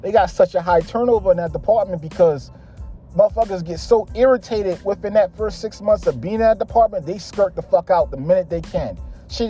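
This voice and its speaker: High-voiced young man ranting bluntly. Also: warm tone. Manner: heavy swearing, blunt and exasperated. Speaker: podcast host. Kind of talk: casual storytelling monologue.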